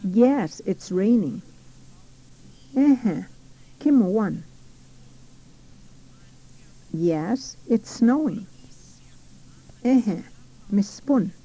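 A woman's voice: medium pitch, animated, drawn-out words, long pauses, warm tone, rough recording. A woman teaching a recorded language lesson, saying each word carefully and repeating it.

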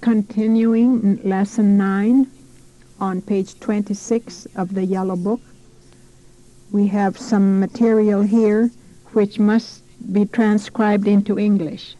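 Slow, mellow-voiced woman teaching vocabulary. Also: mid-range voice, little pitch movement, highs cut off. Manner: slow, careful, repeats each word. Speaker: language teacher. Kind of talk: recorded language lesson.

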